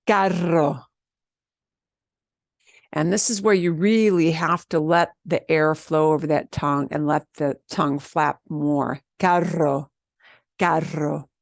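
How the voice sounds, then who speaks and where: A woman's voice: deep voice, steady tone, normal speed, few pauses, dry recording, studio quality. A woman from the teaching a beginner Spanish lesson, patiently repeating words and drilling the trilled R. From American Southwest.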